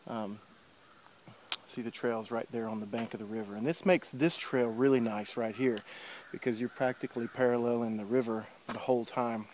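A man's voice: medium pitch, steady tone, normal speed, darkish tone, a little hiss or hum. Rambling man vlogging on a trail walk. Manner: rambling, many fillers like uh and um. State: a little out of breath. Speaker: hiker filming his trip. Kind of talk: casual walking vlog. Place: outdoors on a wooded river trail. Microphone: handheld camera while walking.

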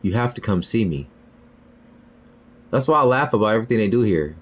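A man hosting a podcast, delivering a heated, profane monologue that swings between loud high outbursts and low muttered lines. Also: lively intonation, fairly quick. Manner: heated, profane, repeats "you feel me" and "bro". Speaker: podcast host.

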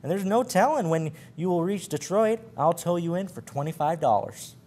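A man's voice: fairly high pitch, unhurried, a little mellow, close to an everyday voice. A man voicing a bargaining steamboat captain who roars and coaxes. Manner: roaring, coaxing.

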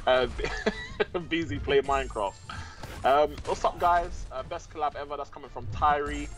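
A man's voice: on the high side, moderate pace, faint music behind. A man co-commentating a game livestream in an easygoing way, reading viewers' chat aloud and bantering. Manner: easygoing, reads chat aloud, laughs often. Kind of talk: laid-back livestream banter.

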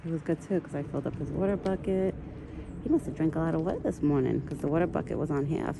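A woman's voice: deep voice, fast, vocal fry, background noise. A woman vlogging outdoors in a foggy forest, chatting casually and talking to a deer in affectionate pet talk. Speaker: vlogger feeding a wild deer. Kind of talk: casual outdoor chat to camera and to an animal.

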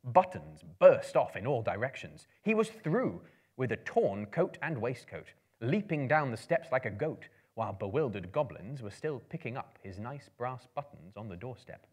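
A man's voice: mid-range voice, sing-song, normal speed, breathy edge. A man reading a story aloud with dramatic flair. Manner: theatrical, swelling and hushing for suspense. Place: live performance venue.

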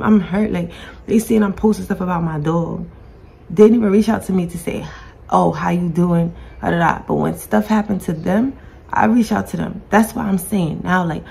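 Gravelly, grieving woman venting to camera. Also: fairly low pitch, darkish tone. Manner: blunt and emotional, swears, repeats herself. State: grieving, near tears. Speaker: podcast host. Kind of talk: emotional personal vlog monologue. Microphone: talking to her own camera.

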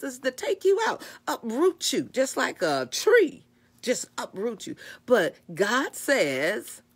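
A woman's voice: medium pitch, fairly bright tone. A middle-aged woman giving a fervent, preacherly faith talk on a live stream, acting out God's replies. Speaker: Christian speaker.

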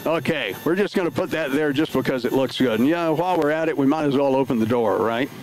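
A man's voice: mid-range voice, quick pace, a little mellow, poor audio. A man livestreaming from his home flight sim setup, talking casually through each step with lots of filler words. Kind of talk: casual live play-by-play narration.

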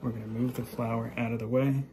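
A man's voice: medium pitch, flat delivery, fairly quick, dark tone, a little hiss or hum. Jokey man filming his kitchen vlog. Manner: jokey, self-deprecating, chatty with asides. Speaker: cooking vlog host. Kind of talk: casual self-filmed cooking vlog. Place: home kitchen. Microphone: handheld phone camera.

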